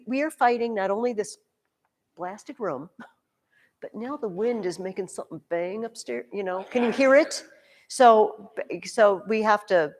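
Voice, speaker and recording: A woman teaching a classroom grammar lesson, animated, speaking directly to her students with quick asides. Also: mid-range voice, long reverb tail. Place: large classroom with a reverberant sound.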